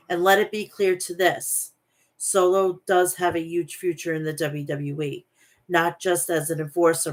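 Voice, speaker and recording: A woman with a slightly low voice recaps wrestling matches in quick play-by-play. She moves briskly from move to move and often stops to correct herself mid-word. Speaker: wrestling show host.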